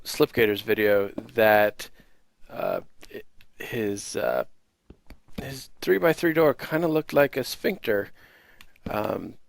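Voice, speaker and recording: A man's voice: lowish voice, vocal fry. An American man hosting a casual Minecraft video, rambling with many fillers and self-deprecating asides. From United States. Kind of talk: casual gameplay commentary.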